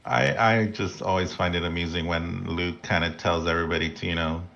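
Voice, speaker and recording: A man co-commentating a virtual race in a flat, dry way, swearing casually. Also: low voice, fairly quick, gravelly, lo-fi sound.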